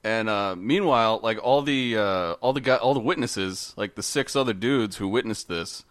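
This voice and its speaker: Casting note: podcast host, low smooth male voice, rambling storyteller, dry mic. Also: moderate pace, fairly bright tone, no room sound. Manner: rambling, many fillers and restarts. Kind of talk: casual storytelling chat.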